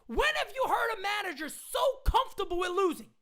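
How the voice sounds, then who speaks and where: A woman ranting loudly and indignantly into a phone camera, repeating her points as a sports fan. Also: very high voice, lively intonation, brisk. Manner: loud, indignant, repetitive ranting. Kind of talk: live rant into a phone camera.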